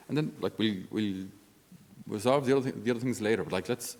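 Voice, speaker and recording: A Catholic priest with a lowish, slightly mellow voice talks fast in a large hall. He gives an informal spiritual talk on his podcast, keeping it conversational and down-to-earth with self-deprecating humor.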